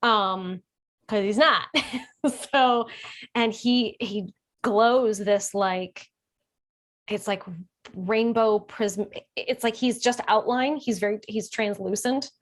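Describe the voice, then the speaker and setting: A woman speaks casually to camera, telling a personal story. She is chatty and animated, laughs easily, and her voice lifts when she gets excited. Her speech is full of fillers and fresh starts. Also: medium pitch, slow, long pauses. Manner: chatty, laughs often, many fillers and restarts. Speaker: holistic healer.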